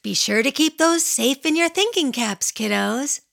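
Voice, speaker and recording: A woman's voice: high voice, lively intonation, unhurried, vocal fry. A woman hosting a children's radio show, cheerful and asking her young listeners questions. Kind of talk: upbeat kids' radio hosting.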